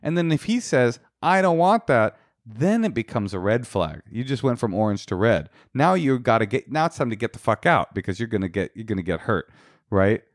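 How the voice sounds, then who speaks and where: A man's voice: on the low side, sing-song, brisk, no echo, studio quality. A man co-hosting an advice podcast, talking casually in a playful, joking way with frequent restarts. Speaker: podcast co-host.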